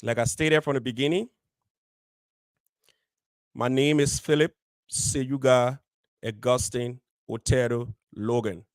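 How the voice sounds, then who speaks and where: A man's voice: mid-range voice, steady tone, slow pace, long pauses, clear, resonant tone, dry recording. A man hosting a community show, speaking straight to his audience with firm emphasis and repeating key phrases. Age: adult, married. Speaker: radio show host. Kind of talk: direct address on a community show.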